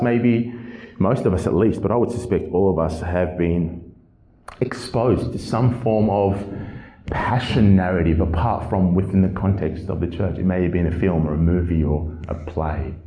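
A male pastor preaching a passionate sermon, his voice swinging from low, measured reading to high, emphatic outbursts. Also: dark tone, echoey room, poor audio.

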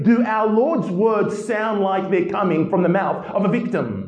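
A male pastor preaching a passionate sermon, his voice swinging from low, measured reading to high, emphatic outbursts. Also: darkish tone, echoey room, lo-fi sound.

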